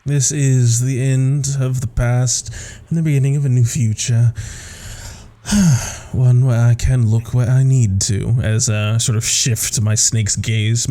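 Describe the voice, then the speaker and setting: A man playing a regal, guarded serpent-haired woman adventurer, speaking in a measured, formal way in a tabletop game. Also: mid-range voice, mellow, lightly acted.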